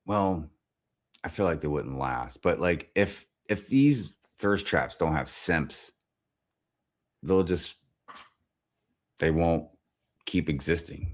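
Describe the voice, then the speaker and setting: Deep voiced guy ranting on his stream, swears a ton, voice jumps up and down a lot. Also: a bit bright. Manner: rambling, swears constantly. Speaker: livestream host. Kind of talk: profane casual rant.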